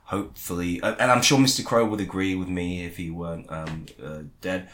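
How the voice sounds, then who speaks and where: A man's voice: sits low, expressive, brisk, few pauses, fairly bright tone. A man hosting a comedy show, bantering in a playful, jokey way. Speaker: comedy podcast host.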